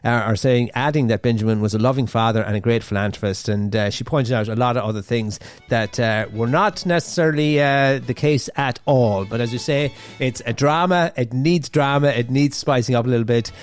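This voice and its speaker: A man's voice: mid-range voice, brisk, few pauses, soft background music. A man hosting a radio show, chatting casually through the news with a rambling manner and lots of fillers and restarts. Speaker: radio host. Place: radio studio.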